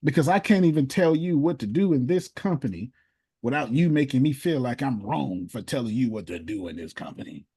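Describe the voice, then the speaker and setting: Over a video call, a motivational speaker and business coach leads an animated live session for a group, his medium-pitched voice mellow, a bit rough, and slightly fast. He's emphatic and preachy, using casual grammar and repeating points for effect.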